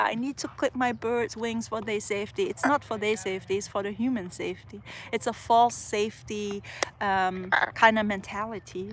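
A woman's voice: fairly high pitch, a little hiss or hum. Chatty woman vlogging outdoors in a park. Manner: chatty and passionate, full of "like" fillers. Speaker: parrot trainer and vlogger. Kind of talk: casual vlog talk to camera. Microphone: phone she is filming with.

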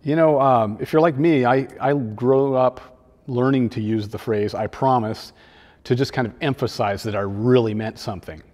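Man, children's pastor, sermon, mellow warm tone, conversational and lightly joking, long hall reverb. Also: medium pitch, moderate pace. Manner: conversational, gently humorous preaching.

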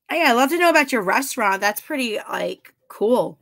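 A woman's voice: a little high, lively intonation, a little fast, gravelly, a bit bright, dry recording, studio quality. A woman chatting casually on a livestream, giggling and flirting as she reads and answers her viewers' comments. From half Italian heritage. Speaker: livestreamer reading chat.

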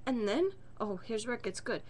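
With a fairly high pitch and moderate pace, a woman vlogger tells a casual, exasperated story in her bedroom. She's animated and swears frequently.

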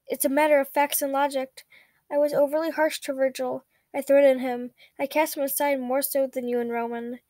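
A stiff, formal young man who speaks in clipped, careful sentences, read aloud by a woman. The voice sits high and sounds dry and close. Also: flat delivery, normal speed, a little mellow, no echo, natural voice. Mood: formal, weary.

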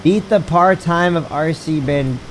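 In a low-quality recording with slight background noise, a male streamer with a fairly high voice narrates his video game live at a slightly slow pace. Excitable and quick to curse, he addresses his chat, reads menu text out loud, and lets out surprised yelps when startled.

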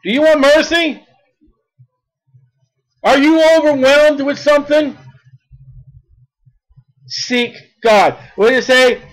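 A man preaching a fiery sermon, emphatic and repetitive, rising to shouts at his peaks. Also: extremely high pitch, takes it slowly, pauses often, rough recording.

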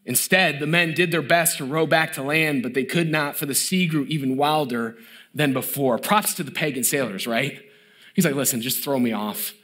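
A middle-aged male pastor preaching in church, with a fairly high voice for a man. He tells the story with life, acting out its characters, and sinks to a soft, hushed tone on the points he stresses most. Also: normal speed. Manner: drops to a soft, hushed tone when stressing God's mercy. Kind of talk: sermon.

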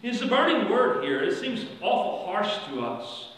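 A man preaches in a large, echoing church, picked up from a distance, so his voice rings back off the walls. His pitch sits high and moves about a great deal. He drops to quiet asides, then stretches words out loud and slow to drive a point home. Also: big pitch swings. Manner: preaching with strong swings from quiet to loud, drawn-out emphatic phrases. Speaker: pastor. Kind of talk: sermon. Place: church sanctuary. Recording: echoey church hall from far off.

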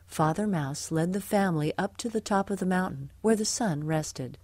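A woman narrating a children's storybook in an expressive, lively way. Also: lowish voice, normal speed, hardly any pauses, no echo.

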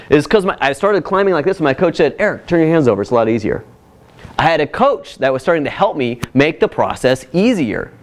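A man presenting at a workshop, telling a personal story in a casual, animated way with frequent asides to the audience. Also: a little high. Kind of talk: casual workshop talk with slides.

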